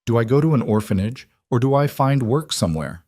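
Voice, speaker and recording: A man voicing an eight-year-old girl who talks in a flat, eerily calm voice. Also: mid-range voice, a little fast, no echo, close to an everyday voice. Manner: flat, quiet voice.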